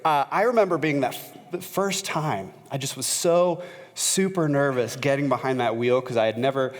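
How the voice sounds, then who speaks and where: A man's voice: mid-range voice, moderate pace. Male pastor, conversational storytelling sermon, lots of "uh" fillers, long church-hall reverb. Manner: conversational, frequent "uh" fillers, grows animated when retelling a story. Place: church sanctuary.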